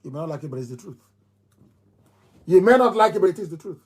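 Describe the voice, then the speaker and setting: High husky Nigerian man, chanting. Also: lively intonation, quick pace, long pauses. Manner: emphatic, repeats phrases like a chant. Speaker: movement leader on radio. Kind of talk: fiery live radio address.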